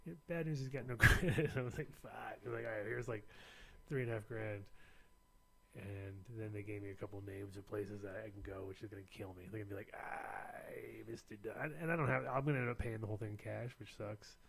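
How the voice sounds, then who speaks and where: A man's voice: on the low side, fairly even intonation, a little fast, vocal fry, slight background noise. An American man hosting a show, rambling through a casual story, often laughing and putting on other people's voices. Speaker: show host. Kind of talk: casual chat.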